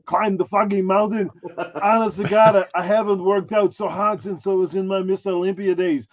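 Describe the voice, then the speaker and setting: A man's voice: high-pitched, fairly even intonation, brisk, gravelly, breathy edge, full character voice. A man doing a brash action-star impression. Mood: ranting. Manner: brash, crude, self-promoting bragging. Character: boastful male action-movie star impression. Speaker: guest impressionist. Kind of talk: podcast chat in character.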